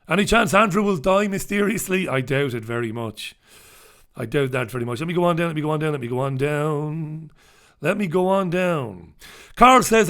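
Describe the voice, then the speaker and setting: A man's voice: on the high side, a bit bright. A man hosting a live newspaper review, talking casually with a sardonic, mock-dramatic edge. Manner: sardonic, mock-dramatic when reading headlines. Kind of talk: casual live-stream commentary. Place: dark room.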